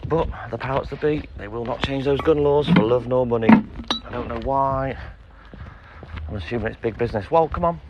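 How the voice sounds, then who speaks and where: A man with a mid-range voice talks fairly quickly from his delivery van on a milk round, the audio dull and buried in heavy background noise. He's a milkman chatting casually on a live stream, greeting viewers by name and swearing freely.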